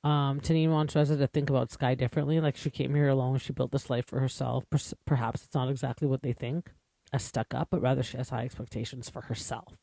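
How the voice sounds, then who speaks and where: A man's voice: medium pitch, steady tone, fast, vocal fry, mellow, dry recording. A man hosting a podcast, giving a chatty, opinionated recap with lots of asides and fillers, English as his first language. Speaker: podcast host. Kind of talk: casual recap commentary.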